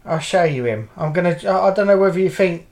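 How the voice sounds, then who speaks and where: A man's voice: high-pitched, lively intonation, quick pace, vocal fry, a little mellow. A middle-aged man, co-hosting a casual podcast chat and rambling through anecdotes while swearing freely. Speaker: podcast co-host.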